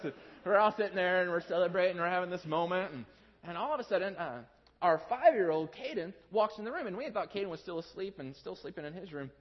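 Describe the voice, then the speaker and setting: High-voiced pastor preaching in a big hall. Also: male voice, fast talker. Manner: conversational storytelling, animated when quoting his kids. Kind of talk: sermon. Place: large church sanctuary. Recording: dull sound with long hall reverb.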